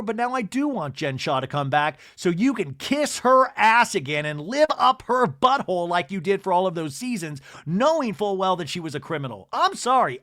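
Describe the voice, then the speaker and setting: A campy man recapping reality TV on his podcast with comic indignation. His voice is high, very lively and bright. He is recorded dry on a close mic. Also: no echo. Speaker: podcast host.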